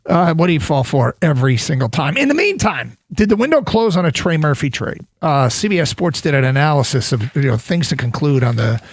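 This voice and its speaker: A man with a fairly high voice hosts sports talk radio, chatty and self-mocking as he reads listener messages and turns over trade rumours. His voice sits close on a dry studio mic. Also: very animated, a little fast, few pauses, dry recording.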